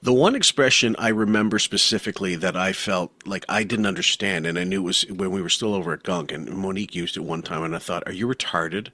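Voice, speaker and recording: A man's voice: deep voice, fast talker, few pauses, pushed and bright, dry recording. A man co-hosting a podcast, chatting casually and bluntly with lots of swearing. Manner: blunt, profane, trails off into mumbles. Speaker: podcast co-host. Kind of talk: casual chat.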